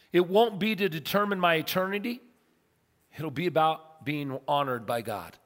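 A middle-aged male pastor preaching a sermon, telling a story with big swings from loud to soft. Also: medium pitch. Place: church sanctuary. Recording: long hall reverb.

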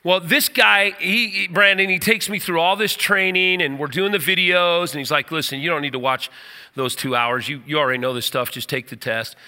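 A middle-aged man preaching a sermon, telling a personal story with animated energy. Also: high-pitched, a little fast, long reverb tail. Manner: animated storyteller, rises to near shouting at the story's climax.

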